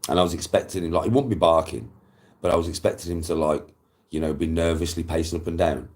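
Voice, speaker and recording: A man's voice: low voice, fairly even intonation, fast, darkish tone. A man chatting casually to viewers, swearing often and telling rambling stories.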